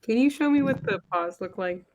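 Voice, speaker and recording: A woman's voice: a little high, animated, brisk, darkish tone, muffled recording. Woman asking curious playful questions on a casual stream, bit of noise behind. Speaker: co-host. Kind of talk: casual livestream chat.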